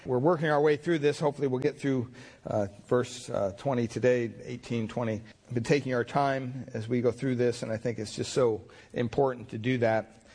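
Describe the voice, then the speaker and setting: A man's voice: mid-range voice, steady tone, normal speed, a little mellow, breathy edge. A male pastor preaching a sermon, telling stories in a folksy, rambling way. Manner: folksy storytelling with fillers.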